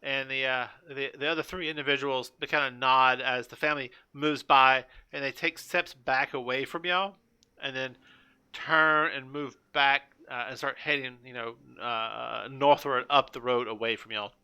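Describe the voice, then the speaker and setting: A man narrating as game master of a live-streamed tabletop game, halting with many restarts and fillers. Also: medium pitch, fairly even intonation, sharp tone, smooth.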